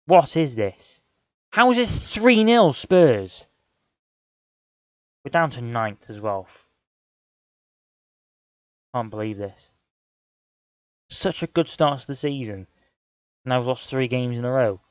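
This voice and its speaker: A young gaming channel host commentates on a football management game, often frustrated and exclaiming at the action. His voice is mid-range, and the audio is dull with no echo.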